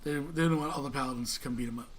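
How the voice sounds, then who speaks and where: A man narrating as game master of a tabletop game in a relaxed, rambling way. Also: mid-range voice, rapid-fire. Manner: relaxed, rambling, many fillers.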